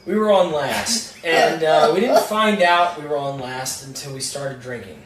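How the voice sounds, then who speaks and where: A young guest songwriter, his voice on the high side and unhurried, tells a rambling, profane story about a gig in a casual chat, laughing and swearing as he goes. A crowd sits in the background, and the roomy, distant mic picks up faint noise.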